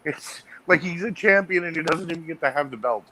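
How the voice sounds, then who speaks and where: Animated man telling a story. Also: a little high, a little fast, poor audio. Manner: animated storyteller, acts out quotes. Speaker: podcast co-host. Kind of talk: casual chat recapping wrestling.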